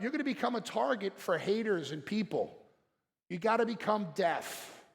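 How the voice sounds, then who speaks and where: A man's voice: high voice, expressive, moderate pace, gravelly. A man giving a blunt, motivational talk from a stage to fellow practitioners, telling stories and acting out what people said. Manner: blunt, storytelling, acts out quotes. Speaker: seminar speaker. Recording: long hall reverb.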